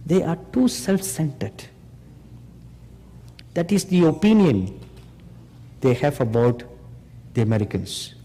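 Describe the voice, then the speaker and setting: A man preaching a sermon slowly and emphatically, pressing the audience with rhetorical questions. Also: medium pitch, very animated, dark tone. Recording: long hall reverb.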